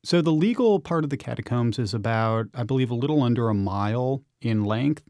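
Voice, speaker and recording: A man's voice: medium pitch, lively intonation, a little fast, a little mellow, no room sound, studio quality. A man, an urban explorer and author, telling vivid, enthusiastic stories as a guest on a radio interview.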